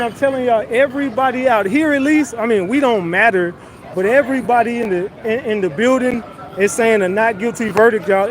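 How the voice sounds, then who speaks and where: A man doing casual livestream commentary outdoors on a city street, joking loosely and reading his chat aloud into a phone. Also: extremely high pitch.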